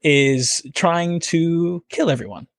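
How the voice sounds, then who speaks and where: A man's voice: fairly high pitch, takes it slowly, no room sound. Dry-sounding man chatting loosely. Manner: rambling, filler-heavy, laughs often. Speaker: guest comedian and actor. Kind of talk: casual podcast conversation. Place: home, near Philadelphia.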